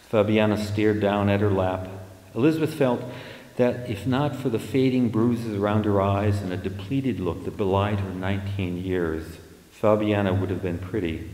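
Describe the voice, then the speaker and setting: A man reads his own fiction aloud in a lowish voice, measured and steady, now and then restarting a word. His voice rings through a hall with a long, echoey reverb. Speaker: author and writing teacher. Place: reading venue hall.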